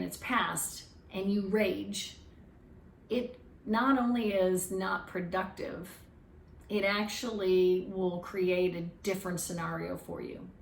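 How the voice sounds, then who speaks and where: Woman, gravelly voice, reflective teaching talk, recorded distant in an echoey room with faint ambience. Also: medium pitch, a little hiss or hum. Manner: earnest, reflective, restarts phrases. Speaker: speaker on emotional wellbeing.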